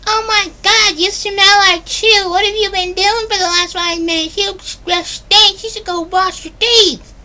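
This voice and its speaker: A man putting on the voice of a nagging young girlfriend in a squeaky falsetto, scolding in drawn-out words. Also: fairly even intonation, bright, forceful tone, exaggerated voice. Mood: disgusted.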